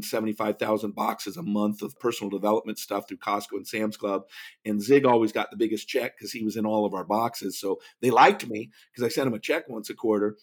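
A man's voice: mid-range voice, breathy edge. A man who speaks professionally, telling stories in a podcast interview and bringing the people in them to life with impressions. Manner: animated, does lively impressions of others. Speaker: guest speaker.

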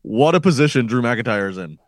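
A man's voice: medium pitch, expressive, fairly quick, no room sound, clean studio sound. A man co-hosting a wrestling podcast, thinking aloud in casual chat with frequent restarts. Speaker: podcast co-host.

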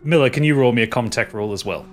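Halting game master. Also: male voice, medium pitch, soft background music. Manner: halting, full of restarts and fillers. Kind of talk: narrating a tabletop game.

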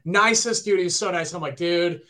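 Telling a story in an easygoing chat, this thirtysomething guitarist speaks quickly in a high voice. He gets excited and animated, leaning heavily on "like" and "right?".

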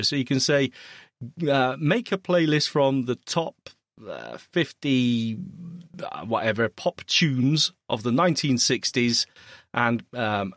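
A man co-hosting a tech podcast in casual chat, teasing and playful, quick to laugh. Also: mid-range voice, a bit bright, no room sound, clean studio sound. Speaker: podcast co-host.

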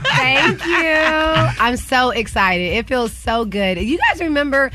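A woman being interviewed on a morning show, excited and chatty. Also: a little high, moderate pace, very noisy. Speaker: guest actress. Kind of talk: casual interview chat.

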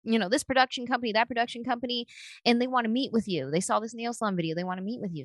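A woman guest, a comedian, telling stories in lively conversation and slipping into quick voices as she goes. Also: fairly low pitch, no echo, clean studio sound. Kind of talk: animated storytelling in conversation.

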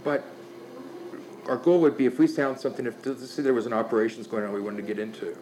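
An older man telling stories in casual talk, animated and profane, often restarting his sentences. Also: medium pitch, quick pace, background noise. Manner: animated, profane, laughing storyteller with many restarts. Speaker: guest storyteller.

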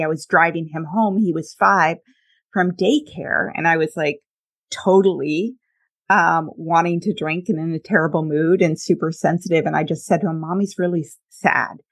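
A woman's voice: on the low side, steady tone, normal speed. A woman in her thirties telling personal stories candidly in a casual chat, with many fillers. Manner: candid, uses fillers, tells anecdotes.

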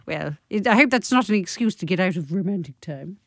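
A woman's voice: lowish voice, expressive, brisk, fairly bright tone, dry recording. A woman narrating a comic story in a wry, self-deprecating, theatrical way. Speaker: host and narrator. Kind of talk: comic first-person narration.

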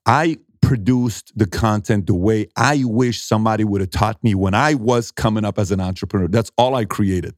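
Emphatic storytelling man, low voice. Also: normal speed, few pauses, no room sound, clean studio sound. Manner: animated storyteller acting out quotes, emphatic. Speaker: entrepreneur and mentor, interviewee. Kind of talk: conversational interview.

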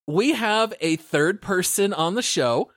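A man's voice: sits high, lively intonation, slow pace, a bit bright, no echo, studio quality. A man hosting a gaming podcast, reading the intro in an upbeat, announcer-like way and then chatting casually. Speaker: podcast host.

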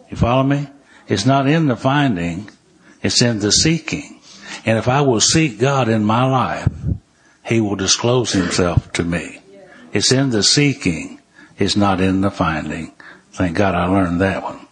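A man's voice: fairly low pitch, animated, measured pace. An older man, telling stories from his recovery in a folksy way, with dry humor, and reading passages from the book aloud. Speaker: recovery speaker.

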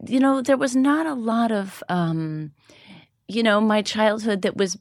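A woman's voice: mid-range voice, a little slow, no echo, clean studio sound. A woman guest talking reflectively about her childhood in a casual interview.

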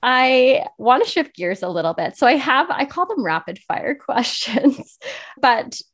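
A woman's voice: sits high, big pitch swings, a little slow, a bit bright. A woman in her thirties hosting a parenting podcast, talking in an appreciative way and laughing easily. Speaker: podcast host. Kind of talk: casual interview chat.

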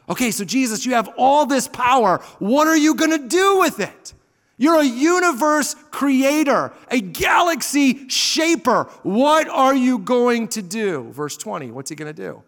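A man in his thirties preaching a sermon, animated, moving between loud emphasis and hushed asides. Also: very high voice, a little slow. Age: 30s. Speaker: pastor. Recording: long reverb of a large hall.

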